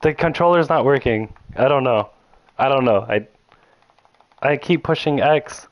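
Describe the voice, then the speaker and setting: A young man casually commentating a game, excitable and swearing, talking to himself at home. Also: medium pitch, a little slow, dry recording, muffled recording. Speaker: let's play host.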